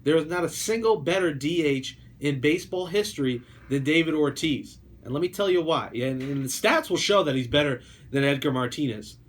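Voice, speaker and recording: A young man hosting a sports radio show, delivering an emphatic rant that piles up points in rapid lists. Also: a little high, expressive. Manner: emphatic, repetitive build-ups. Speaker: radio host.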